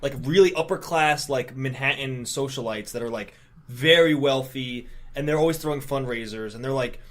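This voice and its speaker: A man's voice: mid-range voice, moderate pace, a bit bright. Man making dry joking asides. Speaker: podcast co-host. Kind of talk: casual chat.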